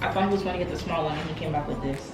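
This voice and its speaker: A woman's voice: deep voice, racing, noisy background. A young woman co-hosting a casual eating vlog, chatting in a laid-back, playful way. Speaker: vlog co-host. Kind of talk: casual mukbang chat. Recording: roomy sound with background music.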